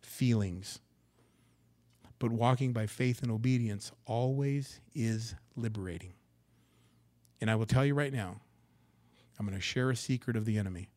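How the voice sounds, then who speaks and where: A man preaching a sermon in a church, swinging from loud, emphatic lines down to hushed, low asides. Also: normal speed, long pauses. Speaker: pastor. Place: church sanctuary.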